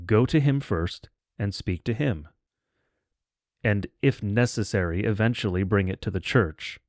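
A man with a low voice hosts a religious podcast, talking through doctrine in a plain, blunt, explanatory manner. The sound is dry and close, with no room echo. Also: darkish tone. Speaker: podcast host. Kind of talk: spoken commentary on scripture.

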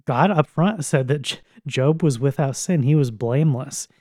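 A man's voice: mid-range voice, normal speed, dark tone, no echo, clean studio sound. A man teaching on a Bible passage in a casual, conversational and blunt way, with occasional chuckles.

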